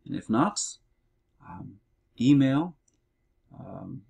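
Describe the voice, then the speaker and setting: A middle-aged man teaching Greek in a recorded homework walkthrough, explaining slowly and carefully with the odd um and uh. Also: medium pitch, animated, vocal fry, breathy edge, narrow, tinny audio. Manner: slow, measured explaining with fillers.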